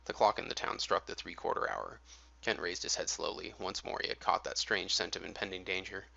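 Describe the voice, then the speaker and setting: Deep gravelly man narrating an audiobook. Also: steady tone, pushed and bright. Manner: measured, atmospheric storytelling. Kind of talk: scripted storybook narration. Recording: dull lo-fi audio.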